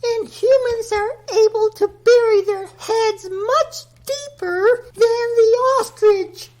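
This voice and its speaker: A man's voice: very high voice, takes it slowly, darkish tone, pitched above the performer's own voice. A man voicing Mother Nature as a grand, ancient female spirit who speaks in solemn, lofty pronouncements. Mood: lofty, grave. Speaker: podcast guest character.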